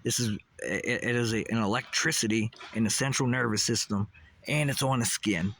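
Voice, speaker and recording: A man's voice: lowish voice, fairly even intonation, normal speed, a bit bright, a little hiss or hum. A man delivering a rambling, intense monologue as a vlogger, swearing often and repeating questions.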